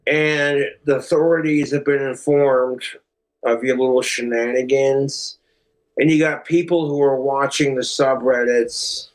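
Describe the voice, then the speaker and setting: A man's voice: mid-range voice, steady tone, a little slow. A man guest on a podcast, talking casually in a blunt, rambling way. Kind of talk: casual chat.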